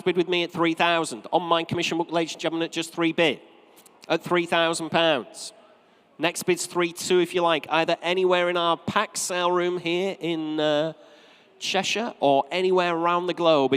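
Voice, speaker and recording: A man from North East England with a light regional accent, calling bids at a live auction from the rostrum, with brisk repetitive patter and joking asides. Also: on the high side, fairly bright tone, smooth. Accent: North East English. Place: auction sale room, from the rostrum. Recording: long reverb of a large sale room.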